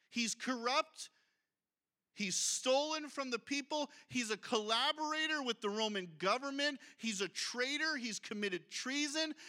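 Male pastor, high-pitched and bright, lively conversational sermon delivery. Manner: reads scripture aloud, then breaks off to comment; lively, conversational preaching with asides.

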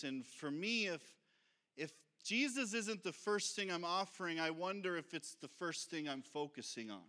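A man's voice: a little high, lively intonation, bright, forceful tone. A man preaching a sermon as pastor, talking in an earnest, reflective and conversational way. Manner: sings slowly to lead the congregation.

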